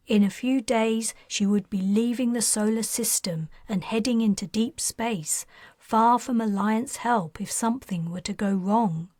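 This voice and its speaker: Author-narrator, woman, breathy and soft, dry close mic. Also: a little high, no room sound. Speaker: author narrating her own audiobook. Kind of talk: scripted narration.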